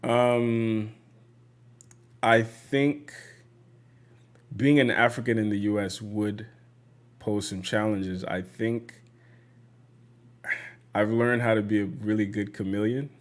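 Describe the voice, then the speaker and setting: A man from Nigeria, a podcaster, answering interview questions in a relaxed, measured way with many fillers. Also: on the low side. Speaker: podcaster guest.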